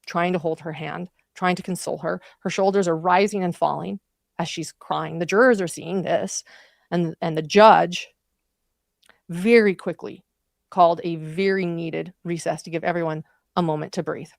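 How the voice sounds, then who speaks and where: A woman's voice: lowish voice, fairly even intonation, moderate pace, vocal fry, dry recording, clean studio sound. A woman commentating on a trial, recounting events in vivid, emotional detail. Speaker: true crime commentator.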